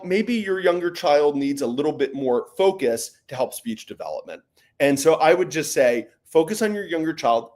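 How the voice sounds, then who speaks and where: A man answers parents' questions in a relaxed, conversational way. His pitch moves up and down a lot, and he keeps checking in with "right?" as he explains. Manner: conversational, with frequent fillers and "right?" tags. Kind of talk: live Q&A, casual explaining.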